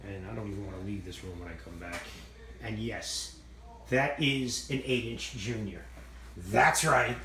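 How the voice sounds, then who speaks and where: A man's voice: fairly low pitch, measured pace, pushed and bright, a little hiss or hum. Rambling man in an echoey shop. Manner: rambling, self-mocking, swears casually. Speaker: channel host showing his machine shop. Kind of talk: casual rambling walk-through vlog. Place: indoor machine shop.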